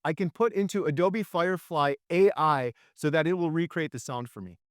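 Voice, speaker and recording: A man's voice: on the high side, brisk, no echo, clean studio sound. A middle-aged man hosting his own channel, chatting with enthusiasm to his viewers. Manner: enthusiastic, animated. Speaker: channel host. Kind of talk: casual video chat.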